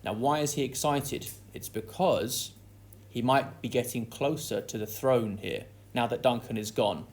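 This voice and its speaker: A man's voice: medium pitch, unhurried. A man teaching a lesson that analyses a play, reading quoted lines aloud with dramatic stress before explaining them. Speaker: English literature teacher.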